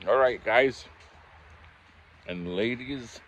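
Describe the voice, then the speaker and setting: A man's voice: medium pitch, very slow, fairly bright tone, a little hiss or hum. A man chatting casually to his camera as a pipe-smoking vlogger, rambling easily with chuckles and self-corrections, the camera held in his hand. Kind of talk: casual fireside chat to camera. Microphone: handheld camera.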